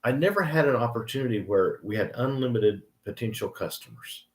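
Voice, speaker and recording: A man's voice: mid-range voice, lively intonation, brisk, reverberant. Older man rambling on a live stream. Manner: rambling with many restarts and fillers. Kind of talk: casual live stream storytelling.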